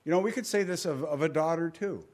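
Man preaching in a casual, repeating style. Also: fast talker. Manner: informal, repeats key phrases for emphasis; drops to a quiet, low voice at the ends of phrases. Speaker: pastor. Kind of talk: conversational Bible teaching sermon.

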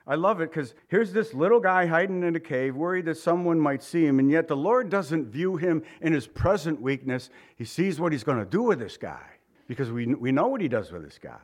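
A man's voice: on the high side, big pitch swings, fairly quick. A middle-aged man preaching a sermon in a casual, conversational way, joking and chuckling between points. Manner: informal and joking, with chuckles and asides. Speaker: pastor.

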